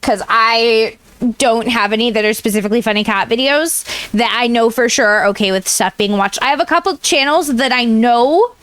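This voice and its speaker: A woman's voice: a little high, normal speed, a bit bright, clear, resonant tone. A bubbly, chatty woman streamer who giggles as she talks to her chat while reacting to videos.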